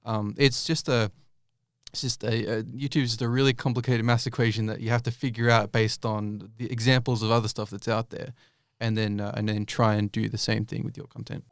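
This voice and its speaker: A man's voice: fairly low pitch, level tone, brisk, clear, resonant tone, no echo, clean studio sound. A young man answering interview questions casually, rambling with many fillers and restarts. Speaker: YouTube creator guest.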